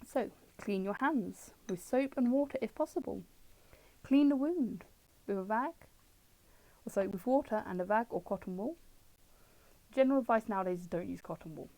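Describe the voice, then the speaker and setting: A woman's voice: medium pitch, lively intonation, moderate pace, long pauses, dark tone, low-quality recording. A British woman streaming from home, chatting casually as she looks through old books and answers her chat with jokes.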